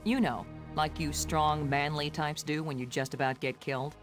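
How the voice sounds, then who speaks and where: A woman's voice: deep voice, steady tone, moderate pace, over music, natural voice. A woman voicing a sardonic, confident reporter in a video game, with a dry, wry delivery. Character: sardonic, confident female journalist.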